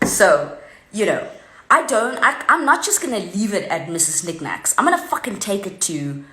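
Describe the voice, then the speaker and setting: Vlogger: woman, animated swearing storyteller, echoey room. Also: medium pitch, moderate pace, background noise. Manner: animated, heavily profane, tells a story with many fillers. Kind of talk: unscripted ranting anecdote. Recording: roomy echo.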